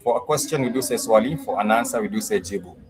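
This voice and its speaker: Man, lowish voice, live-streamed language lesson, patient and repetitive, lots of "uh" pauses. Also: animated, background noise. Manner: patient, repeats phrases for drilling; pauses with frequent "uh" fillers. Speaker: Swahili language teacher.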